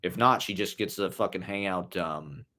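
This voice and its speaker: A man's voice: low-pitched, moderate pace, sharp tone. Rambling, profane young man. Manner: loose, profane, full of "like" and "you know" fillers. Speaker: vlogger. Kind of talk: casual rambling monologue.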